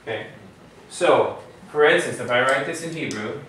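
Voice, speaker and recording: A man's voice: medium pitch, moderate pace, a bit bright, slight background noise. A man teaching a Hebrew grammar class, explaining rules step by step and quizzing his students. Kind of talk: classroom lesson. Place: class room. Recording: very echoey room, far from mic.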